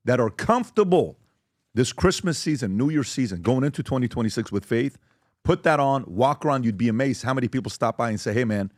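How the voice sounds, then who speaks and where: A man's voice: medium pitch, expressive, fairly quick, no room sound, studio quality. A man hosting a podcast, talking casually and with enthusiasm as he plugs merchandise. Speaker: podcast host.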